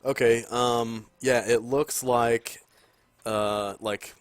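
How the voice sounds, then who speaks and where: A man running a tabletop game as game master, describing scenes haltingly with many ums and pauses. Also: mid-range voice, flat delivery, slight background noise. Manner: halting, full of ums and throat-clearing.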